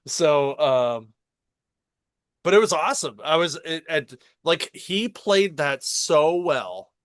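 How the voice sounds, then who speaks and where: Excitable man retelling a show. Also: on the high side, slow, dry recording. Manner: excited storytelling, swearing, acting out dialogue. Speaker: podcast co-host. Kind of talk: casual chat, retelling a show.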